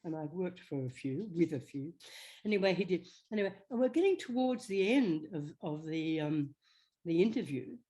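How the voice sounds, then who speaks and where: A woman's voice: lowish voice, moderate pace. Chatty older woman telling stories. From Australia. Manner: chatty, animated, slips into quoted voices. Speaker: interview guest, actress. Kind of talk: anecdotal storytelling.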